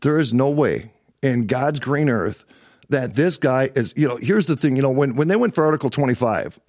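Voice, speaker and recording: A man's voice: mid-range voice, lively intonation, normal speed, darkish tone, no room sound, studio quality. A middle-aged man hosting a livestream political show, ranting angrily, swearing and repeating himself for emphasis. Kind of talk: angry livestream political rant.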